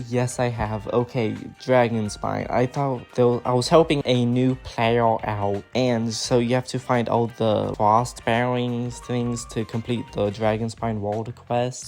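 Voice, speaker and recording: A man's voice: on the low side, creaky, darkish tone. A young man who makes gaming videos, answering viewer questions in a rambling, slangy, laid-back way, sounding a bit tired. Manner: slumped posture, sounds tired. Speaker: gaming content creator. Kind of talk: casual Q&A chat.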